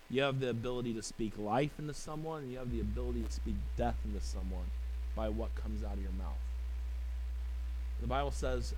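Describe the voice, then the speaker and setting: A male pastor with a medium-pitched, slightly mellow voice preaches conversationally, tossing in asides and rhetorical questions like "right?" He reads scripture aloud in King James wording. The audio is poor, with a little background noise.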